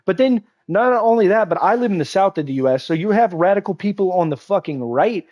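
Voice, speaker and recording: A man's voice: sits high, animated, brisk, darkish tone, highs cut off. A young man live-streaming a game and ranting in a heated, profane, rambling way, with many restarts. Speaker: gaming livestreamer. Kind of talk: ranting live-stream commentary while gaming. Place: at home at a game console.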